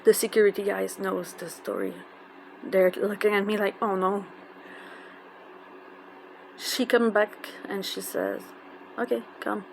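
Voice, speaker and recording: A woman with a tells an emotional personal story in a halting, casual way, with many fillers and restarts. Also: medium pitch, very animated, gravelly, darkish tone. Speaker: fan telling a personal story. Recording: noisy background.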